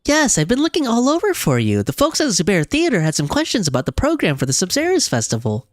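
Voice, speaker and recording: A woman voicing a graceful young female dancer in a polite, bright tone. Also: mid-range voice, wildly swooping pitch, fast talker, dry recording, pitched above the performer's own voice.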